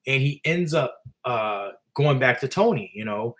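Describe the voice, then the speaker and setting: A man telling a story in loose, casual talk at a middling pitch. He rambles and leans on fillers as he goes. His tone is conversational rather than performed. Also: expressive, measured pace, a bit bright. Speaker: author and storyteller.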